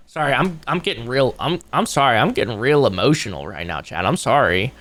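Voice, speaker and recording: This young streamer chats with his audience while reacting to a video, rambling profanely, cracking jokes and switching into mocking impressions. He speaks fast and expressively at medium pitch with a fairly bright tone, barely pausing.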